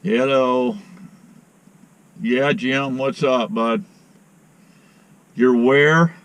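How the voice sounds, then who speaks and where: A man's voice: medium pitch, unhurried, fairly bright tone. A middle-aged man with a sore arm, talking in a folksy, rambling way to his viewers and getting exasperated on a phone call. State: sore arm after a shot. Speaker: outdoor vlogger and beekeeper. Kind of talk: casual vlog talk to viewers.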